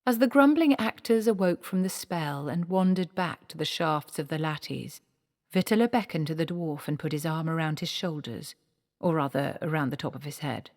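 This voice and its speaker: A woman reading a comic fantasy novel aloud in a measured, expressive storybook narration. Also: sits low. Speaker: audiobook narrator. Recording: long hall reverb.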